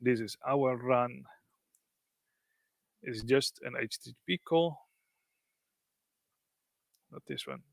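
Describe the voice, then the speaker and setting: A man at an everyday middle pitch walks an audience through a software demo step by step. His phrasing is loose and explanatory, peppered with fillers. The sound is dry and close, with no room echo. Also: slow, vocal fry, long pauses. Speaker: presenter. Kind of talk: live software demo walkthrough.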